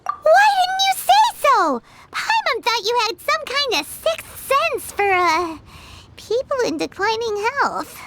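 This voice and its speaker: Paimon, a squeaky cheeky little companion. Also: female voice, expressive, unhurried, heavy background noise, exaggerated voice. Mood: teasing. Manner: talks about herself in third person, teasing. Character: tiny floating female companion, cheeky and blunt. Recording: game soundtrack playing under voice. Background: game music.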